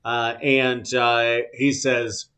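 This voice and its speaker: A man narrating a tabletop game as game master, slow and halting with many filler sounds. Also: medium pitch, level tone, sharp tone.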